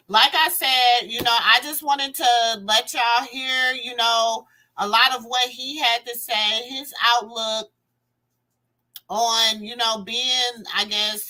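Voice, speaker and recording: Slow-talking woman, bright voice. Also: medium pitch, low-quality recording. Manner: chatty, rambling with many fillers. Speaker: livestream host. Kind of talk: casual commentary livestream.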